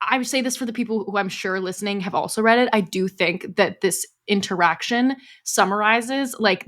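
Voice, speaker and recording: A woman co-hosts a book podcast with a mid-pitched voice. She talks in a casual, wry way, setting up her points deliberately and slipping in teasing asides. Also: fairly bright tone. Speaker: podcast co-host. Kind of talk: casual book-discussion chat.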